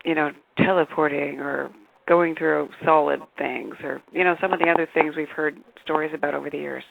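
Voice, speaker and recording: Gravelly-voiced interviewer on a tinny line. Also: mid-range voice, fairly even intonation, fairly quick, no room sound. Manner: hesitant, uses fillers. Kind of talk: interview questions. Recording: dry, tinny phone-like sound.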